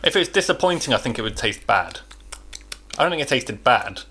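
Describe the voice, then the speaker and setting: A man's voice: mid-range voice, very animated, fairly quick, sharp tone, husky. A young man co-hosting a casual chat podcast, playful and teasing. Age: young adult. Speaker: podcast co-host.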